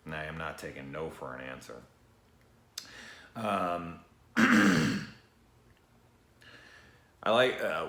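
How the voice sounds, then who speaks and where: Profane, rambling man reviewing horror films. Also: sits low. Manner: profane, rambling, animated, sniffs often. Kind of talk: casual spoken movie review. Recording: echoey room.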